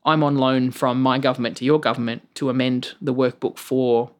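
An Australian stand-up comedian telling lively, profane stories in casual conversation, often jumping up high to act out quotes. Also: normal speed. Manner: animated, swears freely, jumps into high-pitched acted quotes.

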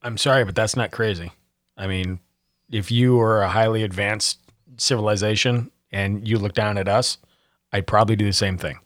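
A man's voice: fairly low pitch, fairly even intonation, normal speed, no echo, clean studio sound. A man co-hosting a podcast, reacting with crude joking banter in casual chat. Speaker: podcast co-host.

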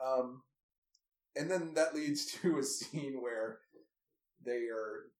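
A man's voice: medium pitch, slow, darkish tone. A man casually recapping a movie with a co-host, wry and amused, with lots of asides. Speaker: podcast co-host. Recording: roomy echoey room.

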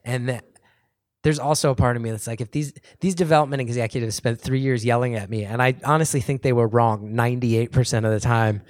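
A man in his thirties talks casually to a live audience, rambling and self-deprecating, full of "like" and false starts. His middle-pitched voice is recorded close and dry, with no room echo. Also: fairly even intonation, a little fast, darkish tone. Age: 30s. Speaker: comedian answering audience questions.

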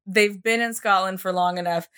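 A woman hosting a podcast, telling a history story in a casual, animated way, with lots of fillers and some swearing. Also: mid-range voice, normal speed, clear, resonant tone.

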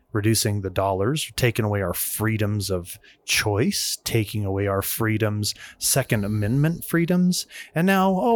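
Emphatic man in casual podcast chat. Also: mid-range voice. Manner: animated, emphatic, repeats phrases. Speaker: podcast co-host.

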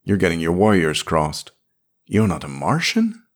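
A man's voice: low voice, very animated, unhurried, full character voice. A man voicing a blunt, tough male spacefarer who asks plain, direct questions. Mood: curious.

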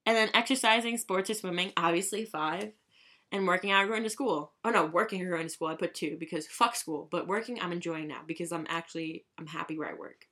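Bright-voiced young woman vlogging casually. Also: a little fast. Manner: chatty, profane, bursts into excited high shrieks. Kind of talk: casual chat.

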